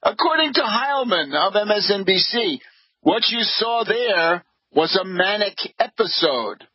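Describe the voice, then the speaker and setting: A man hosting a radio show, delivering a deliberate, scornful political commentary monologue. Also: high-pitched, sing-song, husky, no room sound. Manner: deliberate, scornful, measured delivery with frequent pauses. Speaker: radio host. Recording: dull lo-fi radio audio.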